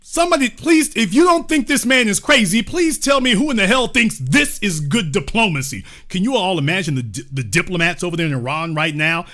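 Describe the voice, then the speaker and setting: Animated high-voiced man hosting a live stream. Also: fairly quick, few pauses. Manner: animated, joking, acts out scenes with slangy asides to the chat. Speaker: host of a live-streamed commentary show. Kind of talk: casual live-stream commentary.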